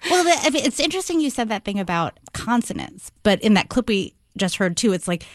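A woman interviewer asking curious, measured questions of a guest. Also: medium pitch, big pitch swings, no room sound, studio quality. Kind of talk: conversational interview.

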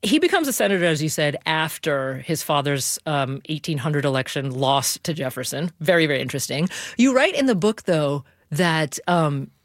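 Brisk woman host with a lively voice. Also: low voice, dry recording, clean studio sound. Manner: brisk, lively questions with laughter. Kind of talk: podcast interview.

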